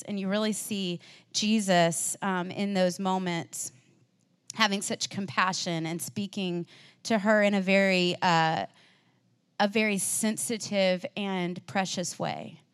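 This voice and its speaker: A woman delivers a sermon in an earnest, conversational way. Her voice sits at a middle pitch for a woman. She talks through the story as if speaking with friends. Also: fairly even intonation, unhurried, smooth. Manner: earnest, acts out the disciples' and Mary's feelings in quoted voices; conversational, with fillers and restarts. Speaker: preacher.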